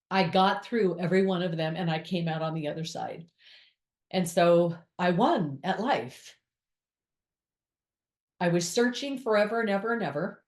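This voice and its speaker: A woman's voice: fairly low pitch, a little mellow. Earnest woman in an echoey room. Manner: earnest and confessional, with candid asides. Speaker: spiritual speaker. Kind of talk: spiritual monologue to viewers. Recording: roomy echo.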